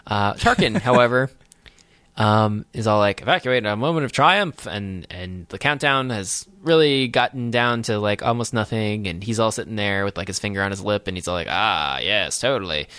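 A man's voice: on the low side, moderate pace, a bit bright, clear, resonant tone, dry recording, studio quality. A man hosting a podcast, recapping a film in casual chat with wry, sarcastic asides. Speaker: podcast host.

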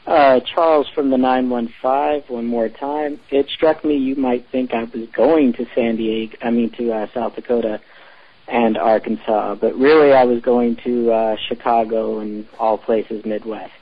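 A man's voice: mid-range voice, fairly even intonation, a little slow. A man leaving a matter-of-fact voicemail for a podcast as a caller. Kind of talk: voicemail message. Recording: dull lo-fi phone voicemail.

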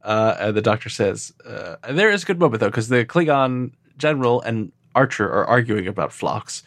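A man with a slightly low voice talks through an episode recap in loose, casual chat, leaning on lots of ums and you-knows. The sound is dry and close to the mic, with no room around it. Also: lively intonation, normal speed, fairly bright tone, no room sound. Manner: rambling, filler-heavy recap with frequent laughs. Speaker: podcast co-host.

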